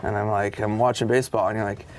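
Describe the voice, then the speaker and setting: A man's voice: fairly low pitch, quick pace, slight background noise. A man casually telling backstage stories as a comedian, acting out what everyone said in a raised voice and swearing freely. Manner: animated, acts out quotes in a raised voice. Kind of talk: casual storytelling.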